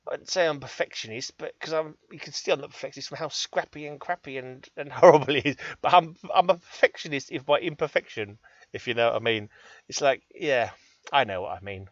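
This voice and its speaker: An English gaming channel host rambles cheekily through gameplay commentary, chatty and joking at his own expense. His medium-pitched voice is a little fast, and the recording is muffled with no room sound.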